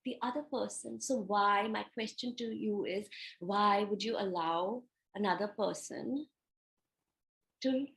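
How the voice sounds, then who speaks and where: A woman's voice: medium pitch, measured pace, gravelly, fairly bright tone. A woman giving a reflective spiritual teaching talk, asking rhetorical questions, answering them herself, and acting out everyday scenarios.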